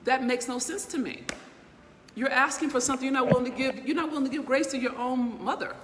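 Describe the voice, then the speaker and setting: A woman's voice: sits high, fast. Middle-aged woman motivational speaker, emphatic and profane, talking straight to viewers. Long reverb tail on the voice. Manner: emphatic, blunt and profane, full of rhetorical check-ins. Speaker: inspirational speaker and business mentor. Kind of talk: motivational livestream talk. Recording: long reverb with faint background noise.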